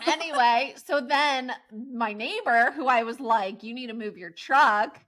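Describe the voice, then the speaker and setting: A woman's voice: a little high, measured pace, hardly any pauses. A woman co-hosting a podcast, telling a story in casual chat and acting out the quotes, often with laughter. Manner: animated, laughing, acts out quotes in raised voices. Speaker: podcast co-host.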